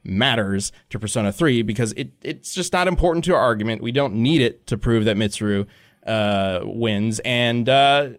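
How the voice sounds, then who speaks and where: A man's voice: mid-range voice, expressive, normal speed. Guy hosting a podcast, rambly, lots of ums and uhs, swears a bit, normal mid voice. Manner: rambling, filler-heavy, swears casually. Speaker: podcast host. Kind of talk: casual podcast chat.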